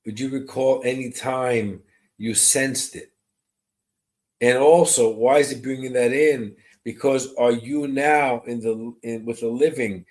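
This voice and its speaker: During a live online session, the man reads as a psychic medium, taking his time describing impressions and replying to viewer comments, in a medium-pitched, darkish voice.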